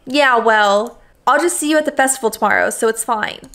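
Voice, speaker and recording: A woman reading the lines of a brash, flustered teenage schoolgirl from a visual novel, hurried and dismissive. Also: on the high side, fairly bright tone.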